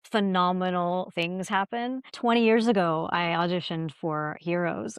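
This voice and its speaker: Middle-aged actress guest, low-pitched, earnest and lively anecdotes, close dry mic. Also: female voice, a little slow, few pauses, smooth, no room sound. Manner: earnest, animated when telling stories. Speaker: actor guest. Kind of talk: conversational interview storytelling.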